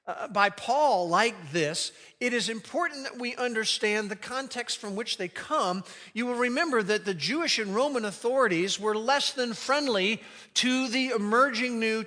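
A man preaching a sermon as pastor, leading the congregation in reciting a phrase together and slowing down to stress key words. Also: sits high, lively intonation, sharp tone, long reverb tail. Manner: leads congregation in call-and-response recitation.

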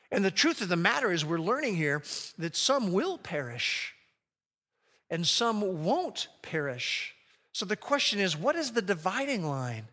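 A man preaching a sermon as a pastor, emphatic and slowing down to read scripture aloud. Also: sits high, sing-song, sharp tone. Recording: long hall reverb.

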